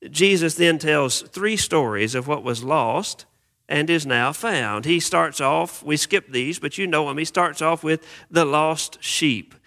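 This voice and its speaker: A male pastor reading scripture and preaching an earnest sermon, emphatic, with dramatic slowdowns. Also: fairly high pitch, pushed and bright.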